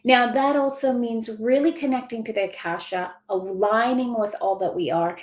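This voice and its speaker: Effusive, high-voiced spiritual woman in a roomy space. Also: normal speed. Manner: gushing, effusive, greets viewers by name, laughs often. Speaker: spiritual mentor hosting a live stream. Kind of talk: casual livestream chat. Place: indoors at home.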